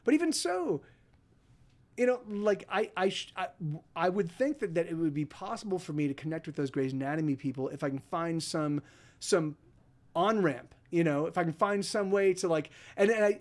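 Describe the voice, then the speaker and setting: Male podcast host, high voice, rambling storyteller who swears a lot, casual stream chat. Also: animated, fairly quick.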